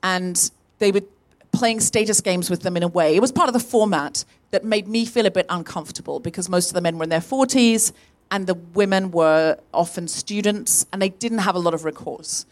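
A woman co-hosting a live comedy podcast, telling a personal story in an animated way and acting out the voices of the people in it. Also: lowish voice, normal speed. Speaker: podcast co-host. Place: live venue stage.

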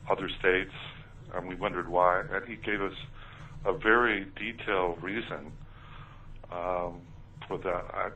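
A man's voice: low-pitched, a bit bright, recorded from a distance, lo-fi sound, a little hiss or hum. A man telling his story in an interview, talking hesitantly with many ums and uhs. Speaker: author recounting his experiences.

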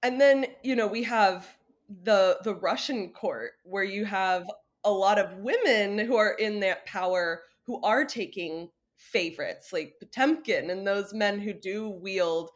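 A woman's voice: medium pitch, a little slow. Conversational woman podcast host. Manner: conversational, asks questions.

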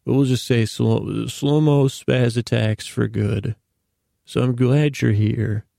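Podcast host, male, creaky voice, dry close sound, meandering self-deprecating monologue. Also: mid-range voice, fairly even intonation, takes it slowly, warm tone, no room sound. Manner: meandering, self-deprecating, stumbles and repeats words. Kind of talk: rambling bedtime monologue.

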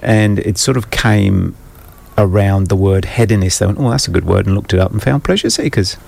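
A man's voice: lowish voice, brisk, creaky, darkish tone. A man co-hosting a radio music show, joking and rambling through stories in casual studio banter. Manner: jokey, rambling storyteller. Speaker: radio co-host.

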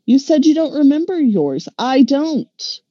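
A woman's voice: high-pitched, big pitch swings, a little slow, warm tone, no echo, dull audio. A woman voicing a determined young noble girl who speaks firmly and insistently while reading a storybook aloud. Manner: firm, insistent.

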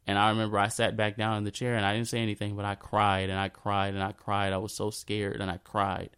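A man in his thirties recounts a memory in an unscripted monologue. His voice sits low and sounds smooth and clear. He often restarts and repeats phrases, and sometimes drops to a soft murmur. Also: monotone. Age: 30s. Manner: halting, repeats himself, drifts into a soft low voice. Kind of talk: personal storytelling monologue.

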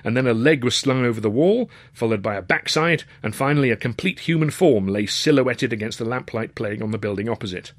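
A man's voice: medium pitch, lively intonation, a little fast, hardly any pauses, dry recording. A man reading his own novel aloud in a wry, dry-humoured, conversational storytelling manner. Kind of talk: storybook narration.

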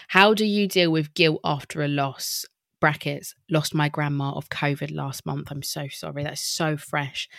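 A woman's voice: low voice, no room sound, studio quality. A woman hosting a podcast in a casual monologue, candid, swearing freely and laughing often. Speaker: podcast host.

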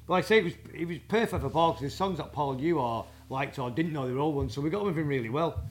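A man, a guest drummer telling rambling, halting anecdotes in a casual interview. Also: fairly high pitch. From England.

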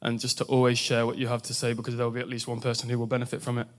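A young man gives an earnest testimony to his church. His voice is smooth and resonant, and it stays level with very little melody. He speaks steadily and often pauses on fillers. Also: medium pitch, monotone. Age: 20s. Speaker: university student sharing testimony.

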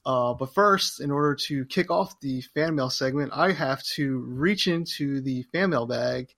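A man's voice: mid-range voice, measured pace, creaky, fairly bright tone. A man hosting a podcast, reading listener mail in a loose, joking way. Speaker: podcast host. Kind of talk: casual podcast chat.

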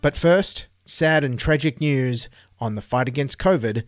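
A man's voice: mid-range voice, unhurried, faint music behind. An Australian man hosting a comedy news podcast, delivering satirical commentary with sarcastic, wry asides.

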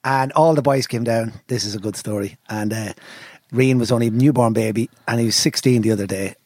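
A middle-aged Irish man telling a rambling, animated, sweary story in a casual chat. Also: mid-range voice, fairly quick, breathy edge, no echo. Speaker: podcast storyteller.

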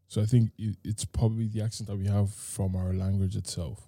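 A man's voice: on the low side, flat delivery, a little fast, mellow. A man from Nigeria chatting casually on a podcast, explaining his ideas earnestly and teasing his friends. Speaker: podcast co-host. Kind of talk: casual chat.

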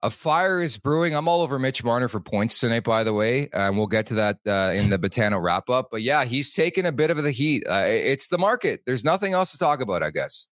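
A man hosting a sports podcast, chatting in a quick, agreeable way. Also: medium pitch, big pitch swings, fairly bright tone, no echo. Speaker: host. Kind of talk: sports chat and ad read.

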